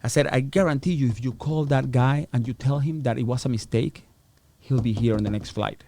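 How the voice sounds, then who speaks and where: A man's voice: medium pitch, fairly quick, mellow, no echo. A middle-aged man, a podcast guest, telling a story in a casual, profane way, acting out the voices of people he quotes. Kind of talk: storytelling interview.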